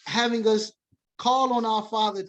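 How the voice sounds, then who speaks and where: A man's voice: sits high, steady tone, moderate pace, a bit bright, lo-fi sound. A man teaching a sermon-style Bible lesson to a congregation, reading scripture aloud and defining words, switching between emphatic preaching and casual asides.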